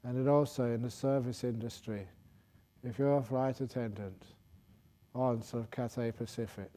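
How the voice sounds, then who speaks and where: A man's voice: medium pitch, mellow. A man, a Buddhist monk, telling a joke during a talk in a playful way, laughing at his own story and stopping to fix it. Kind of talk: humorous dharma talk with a joke.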